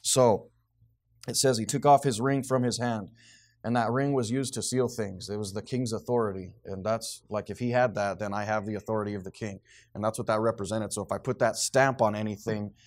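A man leading a Bible study with a small group, reading scripture aloud with rising force and then explaining it in a relaxed, conversational way. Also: on the low side. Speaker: Bible teacher.

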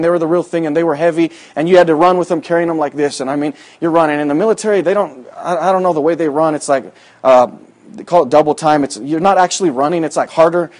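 A man's voice: fairly high pitch, darkish tone. A man preaching a sermon, telling a personal story in a folksy, rambling way with many fillers, in a church. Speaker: pastor.

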